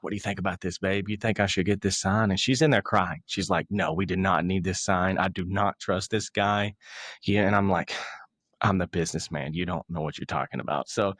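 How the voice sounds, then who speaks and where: A young man, a guest on an interview podcast, telling a story in a relaxed, self-mocking way and acting out other people's lines. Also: fairly low pitch, dry recording, clean studio sound. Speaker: motivational speaker, podcast guest.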